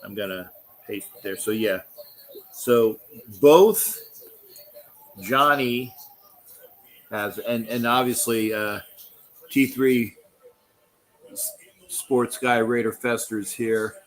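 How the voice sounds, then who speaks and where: A middle-aged man with a drawl hosts a casual football livestream. He talks slowly, rambling and cursing, with plenty of restarts. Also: mid-range voice, low-quality recording. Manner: rambling, loose and profane, with many restarts. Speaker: livestream host. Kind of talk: casual sports livestream chat.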